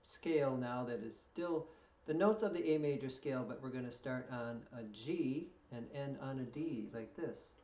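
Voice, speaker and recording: Male fiddle instructor, patient, counts in; distant, roomy, dull recording. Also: mid-range voice. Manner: patient, counts in slowly before each play-through. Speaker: fiddle teacher. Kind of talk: step-by-step music lesson. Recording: echoey room, distant mic, dull sound. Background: fiddle playing.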